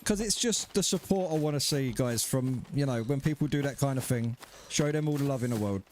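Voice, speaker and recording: A man's voice: mid-range voice, a little fast, darkish tone, slight background noise. A man live-streaming a survival game, chatting casually with viewers, thanking them by name and swearing freely. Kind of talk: casual live-stream chat while playing.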